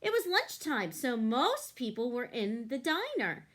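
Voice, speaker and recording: Lady reading a kids book out loud, bouncy high voice, asks the kids stuff. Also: unhurried. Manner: animated, asks the listeners questions. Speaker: storyteller reading to children. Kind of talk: picture-book read-aloud.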